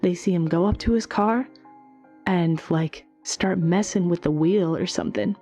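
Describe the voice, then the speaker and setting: A woman who is a singer, chatting casually in a Q&A video, retelling things with animated energy and plenty of swearing. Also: on the low side, moderate pace, soft background music. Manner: animated, swears freely, many fillers. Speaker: singer and channel host. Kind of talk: casual Q&A storytelling.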